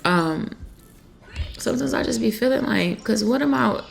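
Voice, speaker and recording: A young mother from Pennsylvania speaking in a confessional vlog, emotional and halting, with many fillers. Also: on the high side, animated, vocal fry, music in the background. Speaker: vlogger and mother.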